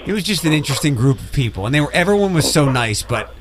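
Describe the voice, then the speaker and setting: A man in casual podcast chat, animated and rambling, often restarting sentences. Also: a little high, fast, heavy background noise.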